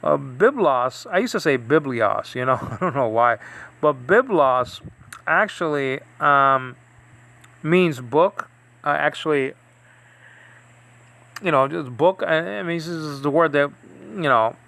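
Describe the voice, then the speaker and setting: A man's voice: on the high side, a little slow, creaky, long pauses, bright, forceful tone. A man giving a casual, rambling Bible study lesson, thinking aloud with many fillers and asides. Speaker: Bible teacher.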